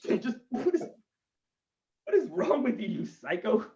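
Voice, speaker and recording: A proud, macho older father who sounds huffy and scandalized, his voice jumping up high in outrage, as a male comic acts him out. The audio is dull and lo-fi. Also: sing-song, measured pace, vocal fry, a little mellow, roomy sound, far from the mic, exaggerated voice. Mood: indignant.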